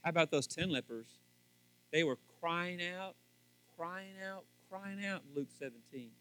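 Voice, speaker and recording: A man preaching a sermon on marriage, swinging from quiet asides up to loud, fervent emphasis. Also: unhurried. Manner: rising to loud fervent emphasis, then dropping low; acts out little scenes in voices. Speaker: pastor.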